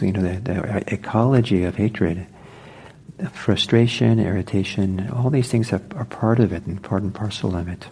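A man gives a meditation teacher's dharma talk in a low, mellow voice with a husky edge. He speaks very slowly and reflectively, pausing often and circling back to restart his thoughts. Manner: unhurried, reflective, with frequent pauses and restarts. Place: meditation center.

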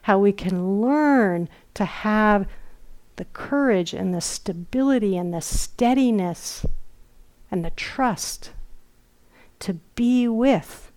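A middle-aged woman giving a dharma talk in a retreat hall, speaking very slowly and unhurriedly. Her pitch sits in an ordinary middle range. She tells stories gently and sometimes slips into soft, whispered asides. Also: animated. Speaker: meditation teacher. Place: retreat center meditation hall.

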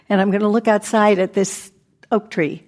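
A woman's voice: medium pitch, darkish tone. A woman meditation teacher giving a conversational dharma talk, now and then dropping to a near-whisper. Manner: conversational, acts out inner voices, drops to near-whispers.

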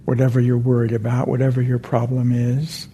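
A man giving a dharma talk as a meditation teacher in a meditation center hall, speaking gently and meandering, often correcting himself mid-sentence. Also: medium pitch, monotone, fairly quick, slight background noise.

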